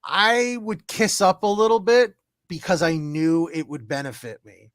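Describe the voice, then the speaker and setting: Animated young man hosting a livestream. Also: unhurried, dry recording, studio quality. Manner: animated storyteller, loud swings in pitch and volume. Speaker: tarot reader, stream host. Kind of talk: casual livestream chat.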